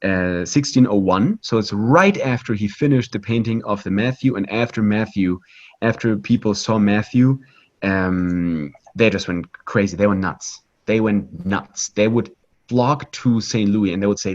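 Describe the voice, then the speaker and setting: A man leading a live online pilgrimage tour of art. He talks in a lively, conversational way, with many fillers and restarts and a habit of asking "right?". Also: on the low side, a little slow, highs cut off. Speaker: virtual pilgrimage tour guide.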